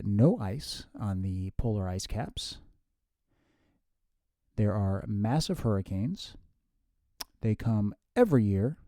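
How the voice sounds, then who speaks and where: The performer's future self, a centenarian time traveler played by a man, who lectures slowly with plenty of ums. He speaks lower and quieter than his usual voice. The recording is dry and close. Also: dry recording. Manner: slow, lecturing like a professor, many hesitations. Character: man's own future self, nearly a hundred, from 2075. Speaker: host. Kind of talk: comedy sketch with himself.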